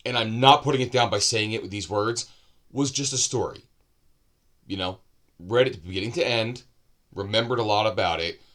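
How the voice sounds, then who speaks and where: A man's voice: lowish voice, a bit bright. A man giving a casual, unscripted book review, loose and rambling with asides and self-corrections.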